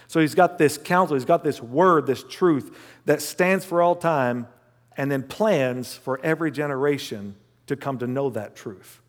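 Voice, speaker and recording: A male pastor preaching a sermon and telling a personal story, animated, swinging between loud bursts and hushed asides. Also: a little high, unhurried. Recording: long hall reverb.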